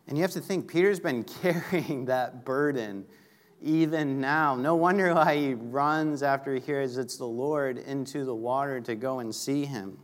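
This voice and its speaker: Male preacher, mid-pitched, casual sermon delivery that swells for key lines. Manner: conversational, rises to emphatic peaks when reading scripture. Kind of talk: sermon reading and explaining scripture.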